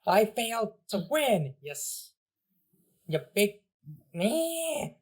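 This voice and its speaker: A man's voice: high voice, very animated, drawn-out words, slightly rough, pitched above the performer's own voice, heavily acted. A man voicing a proud, whiny little male villain creature who sulks childishly after losing. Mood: indignant. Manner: indignant, childish sulking.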